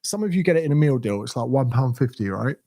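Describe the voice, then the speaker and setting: A man's voice: mid-range voice, expressive, quick pace, dark tone. A man in his thirties with a southern English accent, a fitness coach answering viewer questions in a blunt, sweary, ranting way. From England. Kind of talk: casual Q&A livestream.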